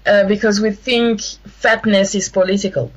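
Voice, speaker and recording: A woman with a French accent, a guest in a radio interview, speaking haltingly and searching for words in English. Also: mid-range voice, fairly even intonation, lo-fi sound. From France. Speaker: guest, activist.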